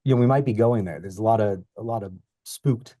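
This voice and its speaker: A man's voice: on the low side, a little fast, warm tone, no echo, clean studio sound. A young man co-hosting a podcast, rambling and long-winded in casual chat about the market. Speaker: podcast co-host.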